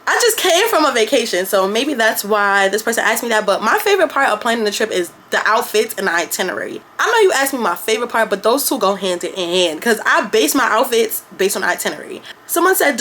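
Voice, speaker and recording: A woman's voice: on the high side, expressive, brisk, few pauses, a bit bright, a little hiss or hum. A young woman vlogger from New York, talking candidly and with plenty of slang and swearing in a casual chat to her camera.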